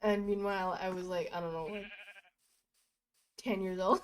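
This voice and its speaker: A woman's voice: mid-range voice, fairly even intonation, moderate pace, long pauses, clear, resonant tone, rough recording. A young woman streaming from home, rambling through goofy stories in a casual chatty way. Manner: chatty, goofy storytelling with bursts of laughter. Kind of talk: rambling casual chat while gaming.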